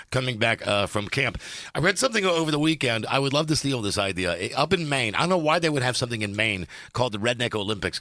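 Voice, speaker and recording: A man's voice: medium pitch, sharp tone, no echo, clean studio sound. A man hosting a radio talk show, rambling wryly through his list of topics with lots of restarts. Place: radio studio. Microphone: studio microphone.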